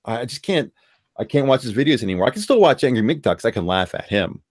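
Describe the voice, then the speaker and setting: A man's voice: mid-range voice, very animated, fast talker, no echo, clean studio sound. A man hosting a live stream, giving blunt, rambling opinions in casual chat. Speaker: streamer hosting a call-in discussion.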